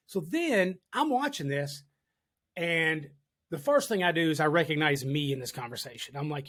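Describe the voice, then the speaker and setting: A man's voice: a little high, expressive, moderate pace. A man hosting a casual podcast, telling a firehouse story in a candid, storytelling way, swearing freely. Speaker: podcast host, firefighter. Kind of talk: casual conversation.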